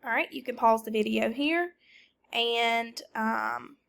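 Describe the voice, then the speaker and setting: Slow, deliberate woman teacher. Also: fairly high pitch, vocal fry, fairly bright tone. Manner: slow, deliberate teacher talk, calling out words for students to repeat. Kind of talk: recorded classroom lesson for a substitute.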